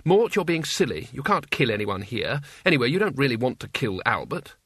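Man putting on a gentle, worried young woman. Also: medium pitch, big pitch swings, a little fast, breathy edge, no echo, studio quality.

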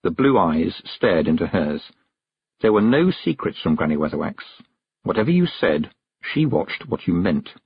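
Husky man reading a storybook. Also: sits low, very animated, normal speed, dry recording, highs cut off. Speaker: audiobook narrator.

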